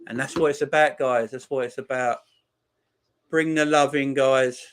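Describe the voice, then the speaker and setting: A man hosting a live football watchalong, chatting casually, reading out viewer messages and repeating his shout-outs. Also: mid-range voice, fairly even intonation, moderate pace, a little hiss or hum. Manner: rambling, repeats phrases. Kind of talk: casual live-stream chat.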